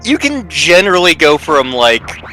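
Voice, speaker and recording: A man from Virginia co-hosting a game stream, chatting and rambling with quick jokes. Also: fairly high pitch, sing-song, sharp tone, soft background music. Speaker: co-host. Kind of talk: casual chat while streaming a game.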